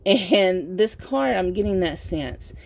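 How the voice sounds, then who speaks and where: A sleepy woman giving a casual pick-a-card tarot reading, talking in a slow, meandering way with lots of fillers. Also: lowish voice, lively intonation, gravelly, darkish tone. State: sleepy, yawning. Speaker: tarot reader.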